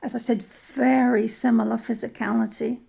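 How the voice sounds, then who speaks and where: A woman's voice: a little high, level tone, normal speed, creaky, mellow, husky. A woman from New Zealand or Australia, with that region's accent, giving opinion commentary in a thoughtful way, often restarting and repeating words.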